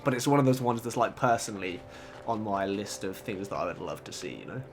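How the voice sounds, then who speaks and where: A young man giving excitable let's play commentary, gushing and laughing often as he plays. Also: lowish voice, fairly quick, music in the background. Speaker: gaming channel host.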